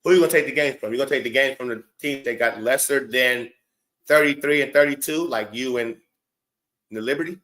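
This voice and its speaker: A man hosts a reaction show and argues straight back at a clip. His voice sits at an ordinary middle pitch. He is blunt, mocking and profane, cutting in with sharp questions. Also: brisk. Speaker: show host reacting to clips. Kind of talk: heated reaction commentary.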